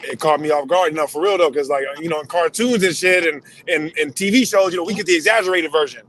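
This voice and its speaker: Podcast host, a man from Los Angeles with a slightly raised pitch, loose and profane, rambling with lots of fillers. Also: fast, fairly bright tone, slight background noise. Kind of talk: casual chat.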